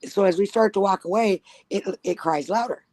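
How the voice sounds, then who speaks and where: A woman's voice: mid-range voice, a little fast, a little mellow, no room sound. A woman telling a spooky personal story in casual chat, blunt and profane. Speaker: guest storyteller.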